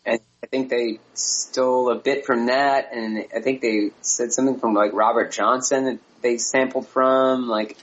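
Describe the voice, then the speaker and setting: A man's voice: mid-range voice, steady tone, unhurried, few pauses, highs cut off. A man co-hosting a casual music podcast, chatting loosely and laughing as he mimics misheard lyrics. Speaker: podcast co-host. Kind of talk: casual chat.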